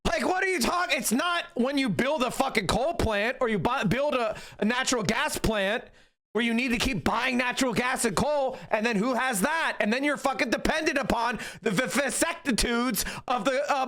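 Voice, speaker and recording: A man streaming live, reacting to a clip with angry, profane rants and bursts of yelling. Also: extremely high pitch. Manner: yells in bursts.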